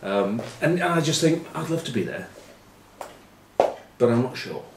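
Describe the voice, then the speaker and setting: A middle-aged man telling rugby stories and giving predictions, wry and self-mocking, often trailing off into quiet asides. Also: medium pitch, expressive, unhurried. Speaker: rugby pundit. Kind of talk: anecdotal storytelling preview. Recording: echoey room with faint ambient noise.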